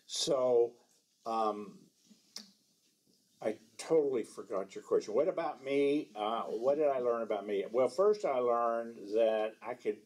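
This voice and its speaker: A man's voice: mid-range voice, a little slow, darkish tone, low-quality recording. A man from the American South, an author giving a library talk, telling self-deprecating anecdotes and slipping in French phrases. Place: library event room.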